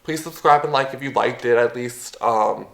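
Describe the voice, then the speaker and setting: A worked-up man rants profanely straight to camera in a commentary vlog. His voice sits in an ordinary middle pitch, carried by a noticeably roomy echo. He sounds heated and keeps the swearing going. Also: moderate pace, vocal fry. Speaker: YouTuber.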